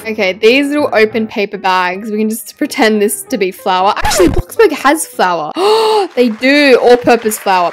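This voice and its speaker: A woman chatting casually and playfully as she narrates her game build. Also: medium pitch. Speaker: gaming YouTuber. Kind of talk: casual gameplay commentary. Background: faint background music.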